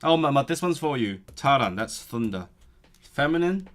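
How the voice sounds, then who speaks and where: A man's voice: on the low side, animated, normal speed, a bit bright. A man who runs a language-learning channel, thinking aloud as he studies, free-associating between languages and correcting himself as he goes. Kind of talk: thinking aloud while studying.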